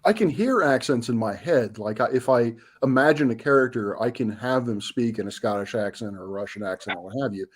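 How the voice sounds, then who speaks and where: A man's voice: medium pitch, brisk, hardly any pauses, slightly rough. Hesitant, stammering man in casual chat.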